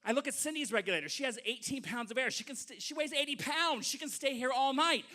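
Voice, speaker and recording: Very high, bright-voiced male storyteller. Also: quick pace. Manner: animated, comic, acts out voices. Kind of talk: live storytelling on stage. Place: stage before a live audience.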